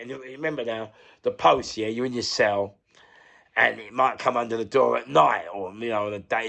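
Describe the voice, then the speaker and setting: A middle-aged London man with a deeply gravelly voice and a bright, forceful edge tells his story in an interview. He rambles, circles back on the same words and swears freely, and he keeps stopping to search for what to say. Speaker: interview guest, former prisoner.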